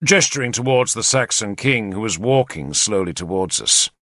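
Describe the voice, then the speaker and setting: A man narrating an audiobook in the first person, with expressive, lively storytelling on a close mic. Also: on the low side, moderate pace, dry recording.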